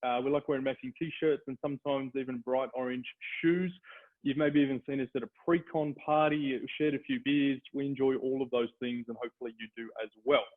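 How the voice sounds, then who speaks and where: An Australian man giving an energetic, upbeat webinar product presentation. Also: medium pitch, a little fast. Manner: upbeat, energetic salesman delivery. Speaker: software company presenter. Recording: tinny phone-like call audio.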